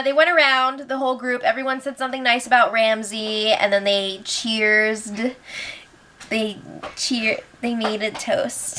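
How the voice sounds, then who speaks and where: A woman's voice: on the high side, bright, forceful tone. A young woman hosting a casual recap show, chatty and sarcastic, laughing often and acting out what people said.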